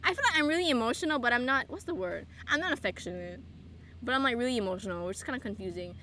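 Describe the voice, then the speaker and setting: High, lively young woman telling stories. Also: racing, a little hiss or hum. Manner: giggly, animated storytelling, frequent laughter. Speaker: friend answering questions. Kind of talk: casual chat.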